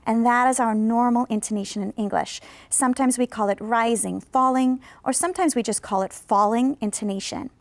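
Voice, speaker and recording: A woman professor teaching English pronunciation in a video lesson, speaking patiently and slowing down on model sentences for students to repeat. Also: on the high side. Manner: patient, instructive. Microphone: studio microphone.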